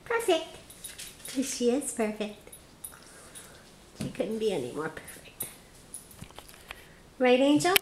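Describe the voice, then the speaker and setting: A woman with a raised voice speaks slowly in a coaxing, sing-song baby-talk manner as she films a toddler. The home kitchen sounds hard and roomy, with echo around her. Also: fairly high pitch, sing-song, a little mellow, slight background noise. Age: adult. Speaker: caregiver filming a toddler. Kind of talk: home video, talking to a toddler. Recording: echoey home room.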